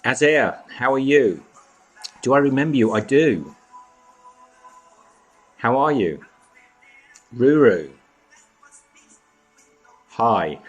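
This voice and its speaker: A man's voice: medium pitch, animated, slow, pauses often, faint music behind. A man hosting a casual live chat from home, greeting viewers by name and snacking as he talks. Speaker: live stream host.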